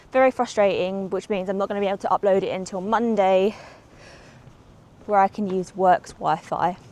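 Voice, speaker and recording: A woman with a medium-pitched, slightly mellow voice vlogs while walking outdoors through city streets and transit, a bit out of breath. She rambles chattily with frequent ums, recorded on a small clip-on mic.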